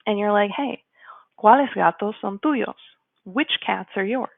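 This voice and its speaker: Woman teacher with a gravelly voice going through grammar, chatty, sounds kinda like a phone line. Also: mid-range voice, no echo. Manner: chatty, apologetic asides, slows to model example sentences. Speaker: Spanish teacher. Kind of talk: explanatory lesson. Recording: dry, phone-like narrow sound.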